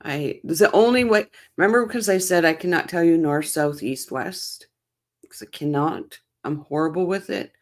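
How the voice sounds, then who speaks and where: A Canadian woman hosts a livestream, chatting casually as she reacts to a live court stream and reads viewer comments aloud. Her voice is low-pitched with a darkish tone, at a moderate pace.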